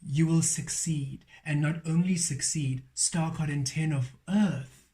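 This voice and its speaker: Tarot reader, male, fairly high voice, unhurried emphatic delivery, repeats affirmations. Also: fairly even intonation, dark tone. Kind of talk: spiritual card reading.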